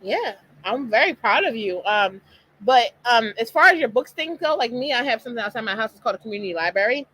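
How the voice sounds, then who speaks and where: A middle-aged woman hosting a live online talk stream, speaking in an animated, emphatic way straight to her listeners. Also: fairly high pitch, fast talker, low-quality recording. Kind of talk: casual motivational talk.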